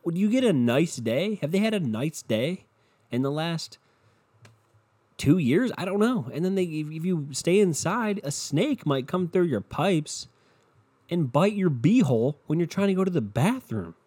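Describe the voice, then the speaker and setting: A young man rants on his own podcast, unscripted, rambling, profane and worked up. His voice is fairly high with a darkish tone and a breathy edge, very animated yet a little slow.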